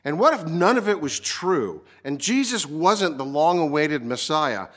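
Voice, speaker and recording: A man preaching a sermon, earnest and emphatic, slowing down to stress key words. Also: fairly high pitch, animated, fairly bright tone. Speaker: pastor.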